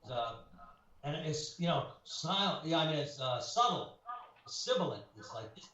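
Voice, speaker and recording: A man's voice: a little high, animated, a little slow, bright, forceful tone. A man who investigates the paranormal, telling anecdotes in a casual radio interview, rambling with many fillers. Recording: roomy, muffled, with crowd noise.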